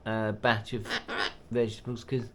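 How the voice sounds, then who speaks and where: A man's voice: lowish voice, level tone, normal speed, background noise. A man chatting to his pet bird in a vlog, with playful baby talk and cheering. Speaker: pet owner and channel host.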